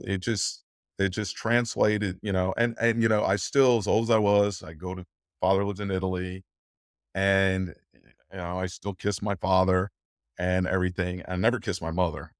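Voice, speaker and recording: Low-voiced older man, emotional and rambling. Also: flat delivery, moderate pace, no echo, studio quality. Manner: emotional, rambling, laughs often. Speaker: guest. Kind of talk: conversational interview.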